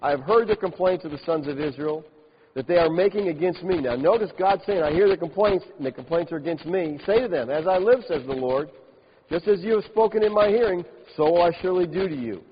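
A man with a fairly high voice preaches a sermon, reading scripture and then animatedly mocking the complainers he describes. The recording is dull and lo-fi, with a long hall reverb and a faint hiss behind him. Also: a little fast. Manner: animated, mocking the complainers with laughs and exaggerated quotes. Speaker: pastor.

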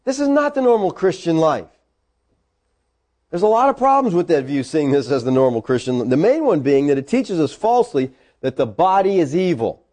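Guy preaching a sermon, high voice that jumps all over, really emphatic. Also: normal speed. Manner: emphatic, animated Bible teaching.

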